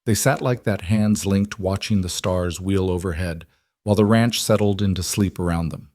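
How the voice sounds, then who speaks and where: A man reading a western story in calm scripted narration. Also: low-pitched, moderate pace, dry recording, studio quality.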